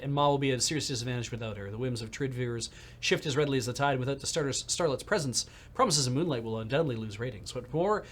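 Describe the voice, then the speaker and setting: Man rambling through a game stream. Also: medium pitch. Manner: casual, rambling, thinks aloud. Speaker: streamer playing a video game. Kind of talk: let's-play commentary and reading game text aloud.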